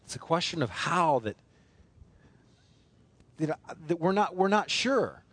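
Man, pastor preaching, high voice, emphatic repetition, dry sound. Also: sing-song, slow pace, a bit bright, husky, no echo. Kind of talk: sermon.

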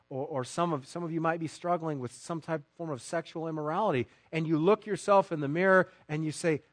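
A man preaching a sermon to his congregation with emphatic stresses and quiet asides. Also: on the high side, dry recording. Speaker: pastor.

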